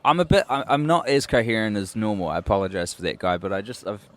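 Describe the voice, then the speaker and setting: A man's voice: fairly low pitch, quick pace, a bit bright. A New man co-hosting a podcast over a remote call, rambling wryly and apologising for his own incoherence. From New Zealand. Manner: wry, self-deprecating rambling. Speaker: podcast co-host. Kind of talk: casual chat. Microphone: remote call, home mic.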